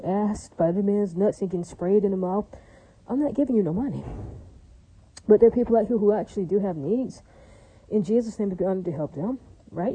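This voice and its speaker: Husky, dark-voiced woman rambling fast. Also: mid-range voice, low-quality recording. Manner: chatty, keeps asking "right?" and "does that make sense?"; blunt and crude, with many fillers. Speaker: vlogger. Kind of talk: casual rambling monologue.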